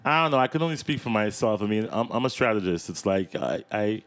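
A man's voice: fairly low pitch, expressive, brisk. A man co-hosting a faith-based podcast conversation, talking eagerly and restarting his sentences. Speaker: podcast co-host.

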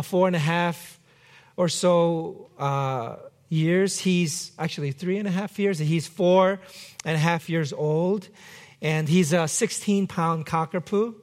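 High-voiced pastor telling a story. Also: male voice. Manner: animated anecdote with acted shouts. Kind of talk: sermon storytelling. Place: church.

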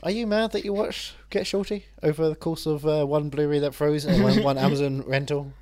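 Fast-talking playful man. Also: a little high, fairly even intonation, darkish tone, no room sound. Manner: quick, silly, teasing, drops into mock whispers and bits. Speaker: podcast co-host. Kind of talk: joking casual chat about films.

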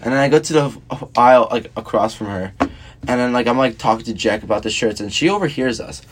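A young man co-hosting a casual podcast, telling a rambling story and leaning on "she's like" between quotes. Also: brisk. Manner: rambling, repeats "she's like" and puts on a high voice for quotes. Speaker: podcast co-host.

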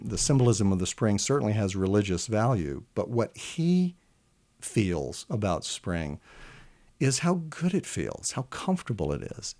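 A man, a literature scholar, talking through old English verse in a relaxed interview, sometimes reading lines aloud slowly with long, held vowels. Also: lowish voice. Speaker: literature professor guest. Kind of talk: animated explanatory chat with recitation.

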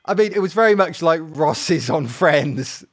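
A man's voice: a little high, lively intonation, measured pace. Chatty man from Wales. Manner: rambling, lots of fillers. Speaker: podcast co-host. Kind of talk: casual chat.

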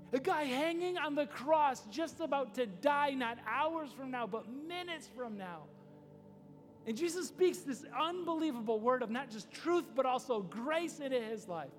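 A man's voice: extremely high pitch, expressive, normal speed. A pastor giving a casual, story-driven sermon, acting out the quoted lines as he goes. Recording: long reverb of a hall, faint music.

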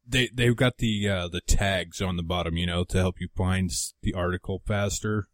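A man with a very low voice making dry, wry asides in casual chat, often restarting his sentences. The sound is close and dead, with no room echo. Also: steady tone, normal speed. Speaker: podcast co-host.

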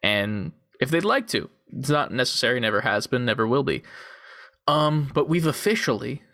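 A man's voice: medium pitch, animated, moderate pace, a bit bright. A young man co-hosting a podcast in casual chat. He talks in a laid-back, profane way full of "like" fillers, into a desktop USB mic on a call. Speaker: podcast co-host. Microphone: desktop USB condenser mic on a call.

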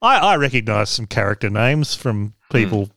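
A man's voice: on the low side, very animated, moderate pace, gravelly, a bit bright, no echo, studio quality. A man hosting a podcast, explaining things in casual chat with wry asides. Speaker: podcast host.

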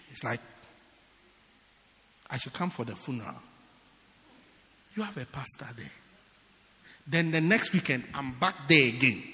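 A man's voice: on the high side, pushed and bright, long reverb tail. A man preaching a sermon as pastor, in a teasing, joking, conversational way.

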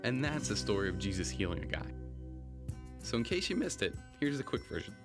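Brief: a man faking a playful American narrator for a children's video, very animated delivery, music bed. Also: lowish voice, a little fast, pitched below the performer's own voice. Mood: upbeat. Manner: lively, playful storytelling to children. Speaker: kids' story video narrator. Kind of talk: children's Bible story narration. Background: background music.

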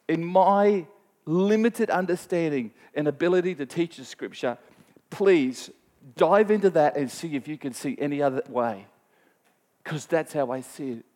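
A man preaching a sermon, retelling a scripture story in a conversational, animated way and speaking directly to his listeners. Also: on the high side. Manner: animated storytelling, voice rising sharply when quoting scripture; conversational, plain-spoken teaching with asides to listeners.

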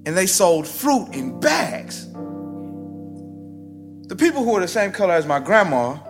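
A man's voice: big pitch swings, unhurried. Theatrical man telling a story on stage. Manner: rhythmic, theatrical delivery with sharp swings in pitch and loudness. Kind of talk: live spoken-word storytelling. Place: stage before a live audience. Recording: live stage recording with music bed underneath.

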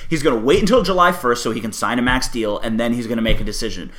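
A man's voice: medium pitch, fast talker, a bit bright. A man co-hosting a casual sports talk show, arguing his point and telling long mocking hypotheticals.

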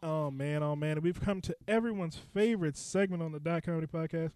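A young man hosts a comedy podcast from a basement studio, joking loosely and laughing often. His voice sits on the high side for a man, and it is recorded dry and close. He keeps the banter quick and casual. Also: darkish tone, dry recording, soft background music. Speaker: podcast host and DJ.

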